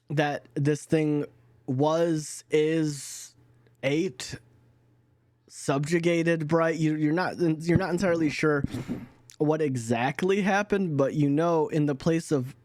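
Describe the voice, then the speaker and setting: A man narrating a tabletop role-playing session, his voice sitting a little high and his delivery unhurried. He breaks into laughter often and restarts sentences as he goes, recorded close and dry with no room sound. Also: darkish tone, dry recording. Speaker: dungeon master.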